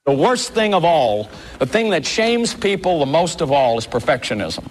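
A man's voice: on the high side, big pitch swings, normal speed. A man leading a workshop, lecturing an audience in an earnest, emphatic way, often stopping to say "see". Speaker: workshop leader.

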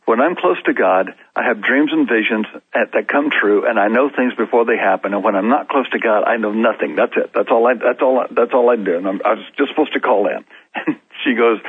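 A man with a medium-pitched, slightly rough voice speaks fairly quickly as a guest on a talk show, answering with stories. He restarts frequently and laughs in between. The sound is narrow, phone-like, and dry, with no echo.

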